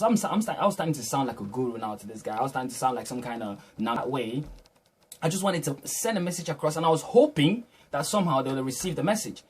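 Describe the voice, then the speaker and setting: A man's voice: mid-range voice, animated, fast, breathy edge. A man earnestly retelling a personal encounter in a reflective, motivational way, often repeating and restarting his phrases. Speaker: vlogger.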